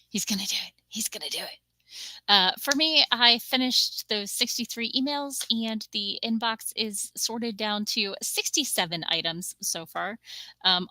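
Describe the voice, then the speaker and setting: A chatty woman hosts a relaxed livestream from her home desk, bright and forceful in tone. The sound is close and dry. She is playful and now and then drops into a quiet aside. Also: mid-range voice, dry recording, rough recording. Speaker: stream host. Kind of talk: casual chat.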